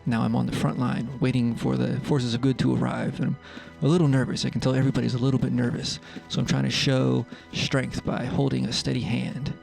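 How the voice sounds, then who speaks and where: A man narrating a roleplay game session in a casual, wry, deadpan way. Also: medium pitch, brisk, creaky, hardly any pauses, soft background music.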